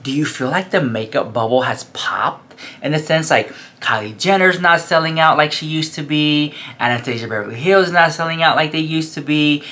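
Sassy male beauty vlogger, excitable and dramatic, bright and punchy. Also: moderate pace. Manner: sassy and dramatic, calls viewers "girl"; gushing, excitable, with sudden pitch jumps. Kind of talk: casual commentary to camera.

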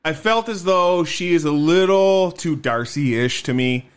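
A man co-hosting a podcast, chatting casually and excitedly about a movie, with frequent swearing and restarts. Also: a little high, a little slow, clear, resonant tone. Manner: excited, profane, rambling with restarts. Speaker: podcast co-host. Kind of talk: casual movie review chat.

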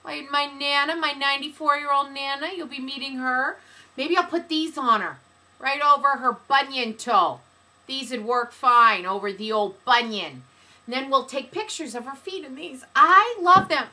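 A woman gushing excitedly as she unboxes and shows off a product on video, breaking into exclamations and sing-song bits. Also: high-pitched, moderate pace. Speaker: video reviewer.

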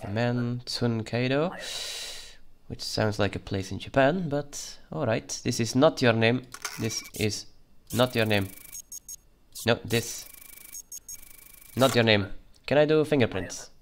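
Slow and medium-pitched, with a little hiss or hum in the audio, this gaming channel host provides let's play commentary. He plays a border guard in a playful, put-on Russian-style voice, muttering while he reads documents.

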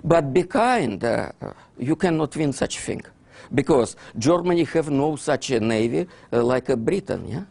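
A husky-voiced man with a Russian accent delivers a lecture, his pitch swinging widely as he acts out exchanges. He speaks English as a second language, dropping articles, and keeps checking in with his listeners. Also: expressive, measured pace, a little mellow. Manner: non-native grammar, drops articles; acts out dialogues between historical figures. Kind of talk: animated lecture.

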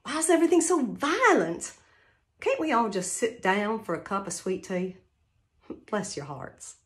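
A woman voicing a gentle folksy woman with a put-on Southern US accent, soft and drawling. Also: medium pitch, sing-song, unhurried. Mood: soothing.

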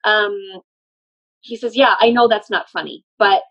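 A woman's voice: mid-range voice, measured pace. Woman medium passing on spirit messages, gets emphatic, kinda dull lo-fi sound. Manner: relays quoted messages, animated and emphatic. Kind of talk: casual spoken channeling session.

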